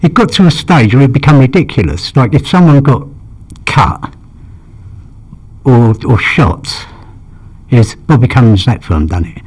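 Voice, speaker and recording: Older man, warm mellow tone, rambling anecdotes, voices the people in his stories. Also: medium pitch, slightly rough. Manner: rambling, acts out quoted dialogue, frequent "you know". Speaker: interviewee. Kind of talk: anecdotal storytelling.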